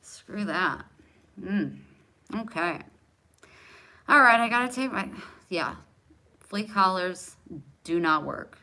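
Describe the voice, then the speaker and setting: A woman in her forties with a slightly low voice, chatting live with her viewers. She is candid and self-mocking, teasing commenters by name and laughing easily between remarks. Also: animated, slow, pauses often, bright, forceful tone. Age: 40s. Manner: laughs often between lines. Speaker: livestream host. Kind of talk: casual live chat with viewers.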